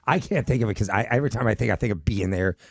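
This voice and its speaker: A man's voice: lowish voice, rapid-fire, gravelly, dry recording, clean studio sound. A man hosting an interview, talking in a friendly, emotional, casual way. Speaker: interviewer, show host.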